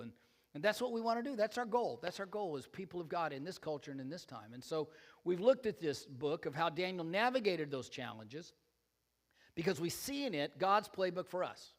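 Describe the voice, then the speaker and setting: A man's voice: on the high side, in a large hall. An older man preaching a sermon as pastor, telling stories with self-deprecating jokes and asides to the congregation. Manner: joking, self-deprecating storyteller. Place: church.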